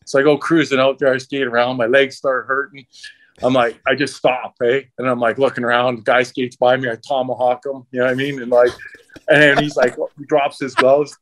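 A man's voice: mid-range voice, little pitch movement, fairly quick, a bit bright. A middle-aged man, a former hockey enforcer, telling profane stories in casual chat and acting out the dialogue. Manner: profane, laughing, acts out dialogue in anecdotes. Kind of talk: casual storytelling.

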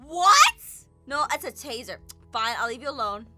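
A woman's voice: on the high side, brisk, pushed and bright, faint music behind. A young woman hosting a let's play video, chatting in a bubbly, gushing way with squeals and giggles. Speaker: gaming video host.

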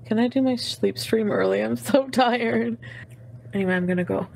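A woman's voice: on the high side, very animated, normal speed, darkish tone. Rambling, giggly woman livestreaming. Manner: rambling, jumps between topics, laughs often. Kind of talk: casual livestream chat.

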